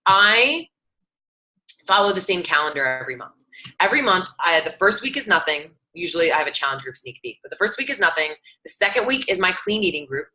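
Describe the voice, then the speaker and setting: Fast-talking bright-voiced woman coach. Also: on the low side, sing-song, low-quality recording. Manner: chatty, conversational, restarts often and acts out sample messages. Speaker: fitness coach teaching other coaches. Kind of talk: casual instructional talk.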